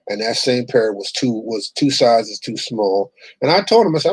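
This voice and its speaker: A man's voice: medium pitch, moderate pace, breathy edge, dry recording, poor audio. A middle-aged man hosting his own online show, ranting bluntly and profanely, rambling with restarts. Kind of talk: casual ranting monologue.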